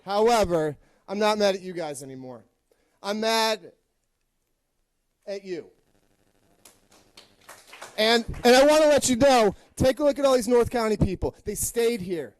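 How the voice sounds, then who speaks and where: A man's voice: sits high, lively intonation, brisk, hardly any pauses, dry recording. A male teacher giving a fiery, confrontational public comment with wry humor.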